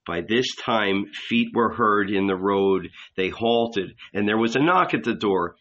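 A male narrator reads a novel at a slow, measured pace with dramatic weight. His voice is bright and forward. The recording sounds slightly dull and muffled. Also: fairly low pitch. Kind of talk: audiobook reading.

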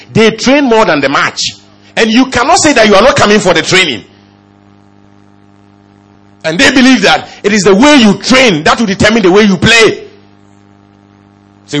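A male pastor preaches a sermon, firing off rhetorical questions and swinging from low murmurs to loud exclamations. His voice is slightly rough.

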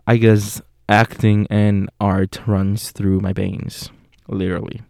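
A young man with a Puerto Rican accent hosting a podcast, talking in an unhurried, casual way with many fillers and self-corrections. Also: on the low side, vocal fry, darkish tone, no echo, clean studio sound. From Puerto Rico. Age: young adult. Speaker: podcast host.

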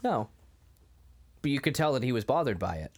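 Chatty man with a lively voice. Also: mid-range voice, a little fast. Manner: laughs often, acts out quotes. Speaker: podcast co-host. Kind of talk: casual chat.

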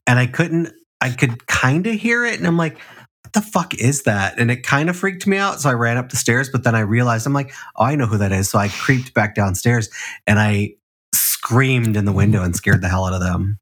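A man's voice: medium pitch, a little fast, a bit bright. A man from the Chicago area co-hosting a podcast, trading crude jokes and stories, swearing freely and giggling often. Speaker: podcast co-host. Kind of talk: casual crude banter.

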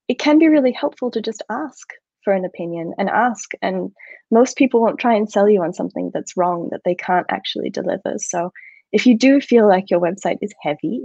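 A woman's voice: mid-range voice, gravelly, warm tone, husky, dry recording. A woman web designer speaking as a podcast guest, earnest and encouraging in casual chat. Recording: dry, dull lo-fi sound.

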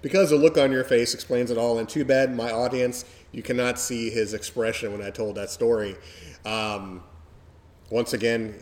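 A mellow man in his forties telling stories in casual podcast chat, rambling along with many fillers. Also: lowish voice. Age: 40s.

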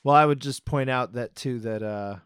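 A man co-hosting a podcast in casual chat, talking quickly with asides and easy laughs. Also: mid-range voice, fairly bright tone, clean tone, no room sound, studio quality. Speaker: podcast co-host.

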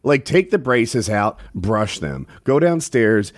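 A man's voice: on the low side, big pitch swings, takes it slowly, dry recording, clean studio sound. A man on a casual podcast explaining something in a chatty way, with many fillers. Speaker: podcast co-host. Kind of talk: casual chat.

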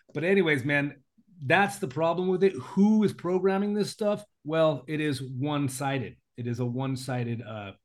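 Fired-up guy on a podcast, ranting emotional, lots of um and i mean, mid pitch. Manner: heated, emotional ranting with fillers. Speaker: podcast co-host. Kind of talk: casual chat.

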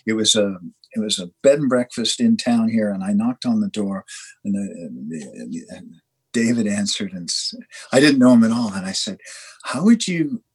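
A man from Canada, a dry stone waller guest, telling stories in a halting way with many restarts and lively quoted dialogue. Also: fairly low pitch, slightly rough. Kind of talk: conversational storytelling.

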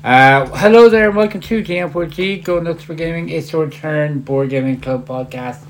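A man's voice: fairly high pitch, moderate pace. Jokey man hosting a podcast. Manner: jokey, teasing. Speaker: podcast host. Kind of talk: casual banter.

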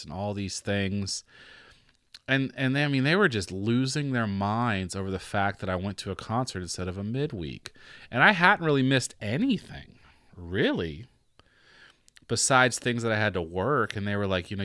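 A young man hosting a podcast, telling a personal story in a casual, animated way, acting out the voices of the people he quotes and laughing often. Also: on the low side, moderate pace, dry recording, studio quality. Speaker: podcast host.

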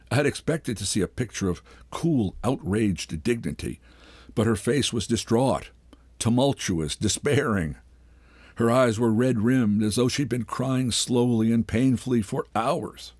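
An older man, reading a short story aloud in a measured, unhurried way. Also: medium pitch, a little mellow, dry recording. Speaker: host and reader. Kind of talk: literary reading.

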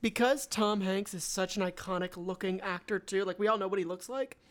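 A woman's voice: medium pitch, brisk. A woman co-hosting a casual podcast chat, frank and opinionated, speaking with emphasis. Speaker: podcast co-host.

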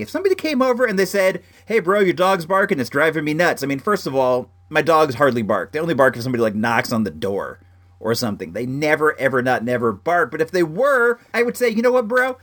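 Animated man telling a casual story. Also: a little high. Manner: animated, heavy use of "like" fillers.

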